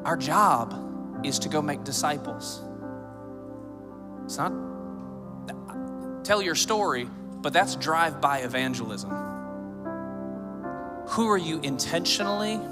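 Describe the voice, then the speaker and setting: A man's voice: a little high, lively intonation, takes it slowly, long pauses. Pastor, man, 30s; conversational sermon with jokes, emphatic build-ups; hall reverb, faint music under. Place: church sanctuary.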